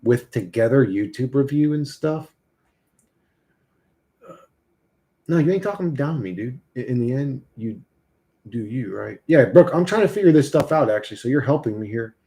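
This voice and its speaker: Gravelly-voiced man rambling on a stream. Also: mid-range voice, animated, normal speed, pauses often, mellow. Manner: rambling, profane, answers chat messages. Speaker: live streamer. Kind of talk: casual live-stream chat.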